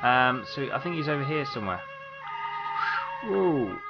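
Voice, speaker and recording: A man's voice: mid-range voice, big pitch swings, unhurried, vocal fry, highs cut off, music in the background. A man giving casual let's-play commentary, rambling as he talks to game characters and apologizes to them. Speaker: gameplay commentator.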